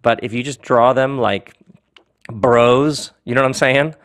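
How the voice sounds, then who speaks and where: Brief: male podcast host, jokey and lively, reading a nonsense tale. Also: mid-range voice, measured pace. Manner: animated, joking, laughs often. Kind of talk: playful monologue and reading aloud.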